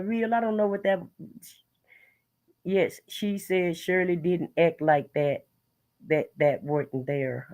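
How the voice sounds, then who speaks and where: A casual livestream host who reads viewer comments aloud and reacts with blunt opinions, often restarting words mid-sentence. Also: medium pitch. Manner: frequent restarts and repeated words. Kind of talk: casual live chat commentary.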